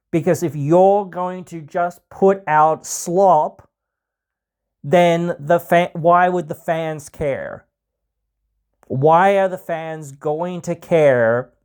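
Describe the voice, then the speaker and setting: A man's voice: a little high, a little mellow, smooth. An Australian man hosting a podcast, chatting casually and rambling with many fillers. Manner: rambling, heavy fillers, mock voices for stereotypes. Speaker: podcast host. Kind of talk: casual chat.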